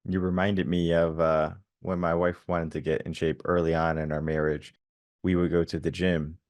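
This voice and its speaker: A man's voice: low-pitched, flat delivery, normal speed, a little mellow, no echo. A man hosting a coaching podcast, reflecting in a loose, rambling way with lots of fillers. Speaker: podcast host. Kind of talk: podcast interview.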